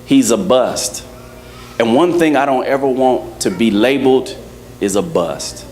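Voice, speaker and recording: A man preaching a lively sermon to his congregation, joking and acting out little scenes as he goes. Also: medium pitch, measured pace. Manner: playful, acts out quotes, laughs with congregation. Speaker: pastor. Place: church service.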